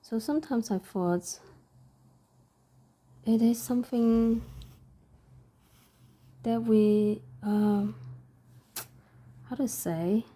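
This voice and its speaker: A parent and crafter chats reflectively while stitching, her voice very mellow, slightly high, and slow. She comes across as soft and thoughtful, hesitating with many pauses.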